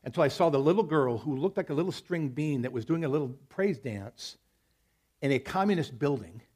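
A man's voice: a little high, lively intonation, brisk, darkish tone, slightly rough. A male pastor preaching a sermon at a church service, talking to the congregation in a conversational way and telling stories between scripture quotes.

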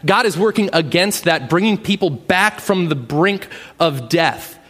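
A man delivers a sermon in a relaxed, conversational manner, often tagging his points with a quick question. His voice sits a little high, and a long reverb trails behind it, as in a large church hall. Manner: conversational, frequent "right?" tags. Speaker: pastor.

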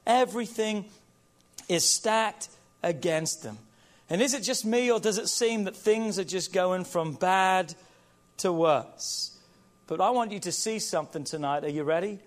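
High-voiced emphatic male pastor preaching. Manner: emphatic, repetitive call-and-response preaching; slows and stretches key phrases. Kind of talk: sermon.

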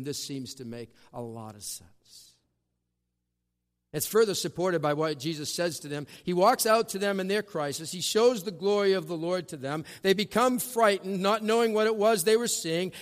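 A man preaching a sermon, swinging between loud, drawn-out emphasis and hushed asides. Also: fairly high pitch. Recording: long hall reverb.

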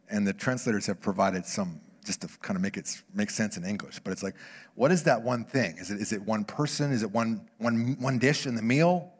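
Pastor preaching in a reverberant hall. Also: male voice, on the low side, brisk, slightly rough. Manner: shifts from hushed near-whispers to loud animated bursts; repeats words and restarts phrases. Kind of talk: sermon.

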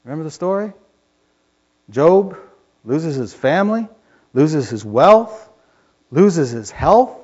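A male pastor preaching with fervor, his voice pitched high for a man and swelling into yells when he gets worked up. The recording is dull and lo-fi, like an old church tape. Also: slow pace, long pauses. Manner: fervent, rising to yelling when excited. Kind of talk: sermon.

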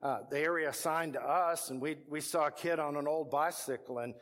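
A man's voice: on the high side, brisk, a bit bright. A middle-aged man with a Texan accent, a pastor telling a story from the pulpit as a sermon, acting out the voices of the people in it.

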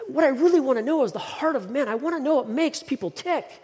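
A man's voice: sits high, expressive, fast talker, vocal fry, darkish tone. Man doing an eager, rambling psychologist. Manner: eager, rambling, words tumbling. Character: eager male psychologist making a wish. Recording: long hall reverb.

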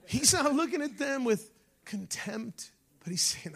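Animated and swinging between shouts and near-whispers, a pastor calls out to his congregation during a sermon. His very high voice is gravelly and husky, and he talks a little slowly.

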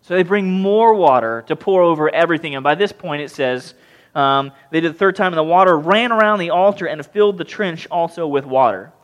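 A man preaching a sermon as pastor, reading scripture and acting out scenes with mocking, lively voices. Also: fairly high pitch, brisk. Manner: animated, mocking voices when retelling the story.

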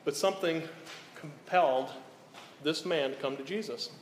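A pastor preaching a sermon in an earnest way, often checking in with the listeners. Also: male voice, a little high, normal speed. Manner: earnest, repeats "okay?" to check in. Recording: echoey hall, faint room noise.

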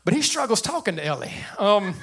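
Bright, high-voiced older man preaching. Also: fairly quick, slightly rough. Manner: animated preacher with a light, high voice and plain speech. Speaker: pastor. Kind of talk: sermon.

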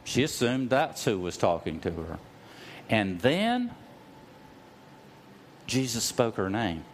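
A middle-aged man preaching a sermon, telling stories at an easy pace, slowing down to stress key words and sometimes rising to a loud cry. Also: on the low side, very animated, a little hiss or hum. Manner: storytelling preacher, slows for emphasis, rises to loud cries. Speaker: pastor.

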